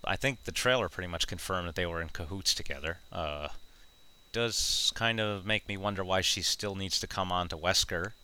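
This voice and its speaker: A man's voice: deep voice, moderate pace, bright, forceful tone, clear, resonant tone. A man hosting a casual gaming podcast, reading out news items and chatting with many fillers and frequent laughs. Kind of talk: casual chat.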